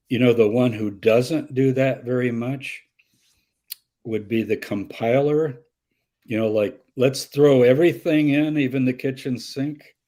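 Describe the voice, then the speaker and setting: A man's voice: lowish voice, a little mellow. An older man, a guest scholar in a live conversational Q&A, telling stories animatedly, acting out quoted voices and laughing often. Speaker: guest scholar answering audience questions.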